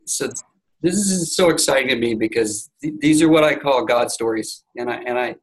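A man's voice: mid-range voice, normal speed, poor audio. A man leading an online class, reacting eagerly on a video call and restarting his sentences often. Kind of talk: casual discussion on a video call.

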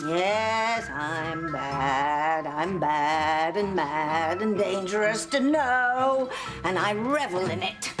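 A woman's voice: fairly low pitch, extremely slow, music in the background. An actress playing a theatrical wicked witch mother who is proud of being bad, in a soap opera. She speaks in a drawling, mock-sweet, arch way. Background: loud dramatic score.

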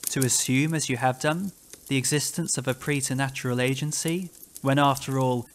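A man voicing a calm clergyman scholar in a dramatic reading of a classic ghost story, soothing and mildly chiding. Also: medium pitch, slight background noise, lightly acted.

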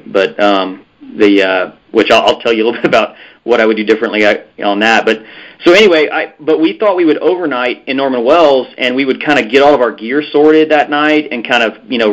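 A man's voice: medium pitch, dull audio. A man guest on a podcast, telling a story in a rambling way with lots of fillers and restarts. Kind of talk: casual storytelling interview.

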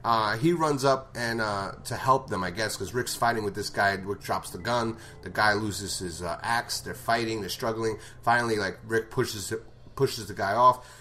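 A man's voice: on the low side, normal speed, bright, forceful tone. A man recapping a TV episode in a casual, rambling way, swearing and laughing often. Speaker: show reviewer.

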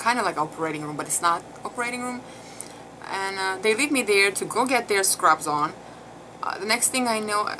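A woman casually recounting a personal experience to her viewers, emotional and chatty, with many fillers. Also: mid-range voice. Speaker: mother telling her birth story. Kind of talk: casual vlog storytelling. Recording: clear background noise.

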